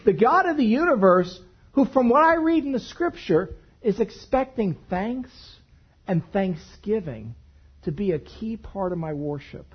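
A male pastor preaching with a lively, swooping delivery that rises and falls as he tells a story. His voice is a little husky, and the recording sounds dull and lo-fi. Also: high voice, a little slow. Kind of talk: sermon.

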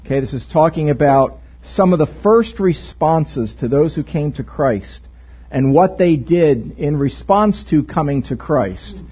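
A man's voice: a little high, expressive, a little slow, slightly rough, lo-fi sound. A male pastor giving an interactive sermon in a church, joking and asking the congregation questions. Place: church sanctuary.

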